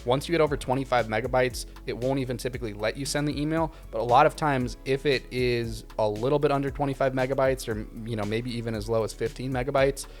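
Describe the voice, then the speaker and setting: A man hosting a casual question-and-answer video, giving relaxed, conversational advice with frequent ums and uhs. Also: mid-range voice, quick pace, hardly any pauses, faint music behind. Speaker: video production channel host.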